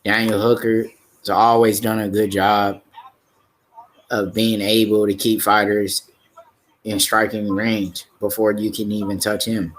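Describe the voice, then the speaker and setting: A man's voice: lowish voice, level tone, unhurried. A man previewing an upcoming fight on a live stream, talking casually and hesitantly with many fillers and restarts. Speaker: fight commentator.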